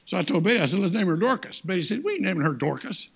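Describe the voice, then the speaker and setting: An older man preaching a folksy sermon as guest speaker, swinging from loud, high-pitched exhortation to hushed, low appeals. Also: big pitch swings, rapid-fire, gravelly, slightly rough.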